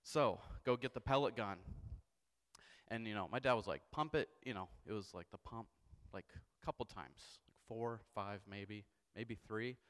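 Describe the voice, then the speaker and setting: A young male pastor tells a funny story from the pulpit, animated and self-mocking, often checking in with the congregation. His voice sits fairly low. The sound carries a long reverb from the church hall. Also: normal speed. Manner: animated, self-mocking storyteller who keeps asking "okay?". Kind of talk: storytelling sermon. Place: church sanctuary.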